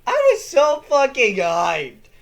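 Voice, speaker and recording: A young adult lore channel host in casual commentary, hoarse from yelling and excitable, swearing freely. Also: mid-range voice, slow pace.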